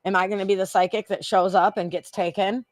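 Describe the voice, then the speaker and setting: A woman from Michigan talks about her psychic readings in a casual live stream, rambling emotionally, laughing often and repeating her own phrases. Her mid-range voice is brisk with fairly even intonation. The close, dry recording has no echo or room sound.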